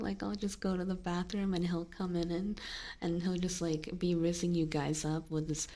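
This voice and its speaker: A young woman streaming ASMR on a binaural microphone, chatting in a soft whisper, rambling and giggling often. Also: lowish voice, level tone, moderate pace. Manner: giggly, rambling with many fillers. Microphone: binaural ear microphone.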